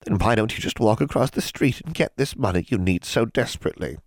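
A man's voice: medium pitch, expressive, quick pace, no echo, voice pushed up. A man voicing a sly, mocking old female hag in an audiobook.

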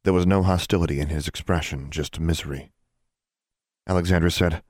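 A man reading a story aloud, expressive and giving each character a voice. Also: low-pitched, normal speed, no room sound, clean studio sound. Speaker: audiobook narrator. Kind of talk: storybook narration.

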